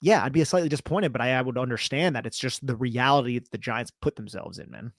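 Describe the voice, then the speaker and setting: A man co-hosting a sports podcast, speaking in a measured, agreeable way. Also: mid-range voice, no echo, studio quality. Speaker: podcast co-host. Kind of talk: casual sports chat.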